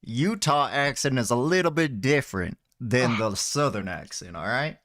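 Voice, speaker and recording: A man hosting a casual voice-call chat, talking in a slow, sarcastic way. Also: mid-range voice, animated, a bit bright. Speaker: host of a voice-chat debate channel.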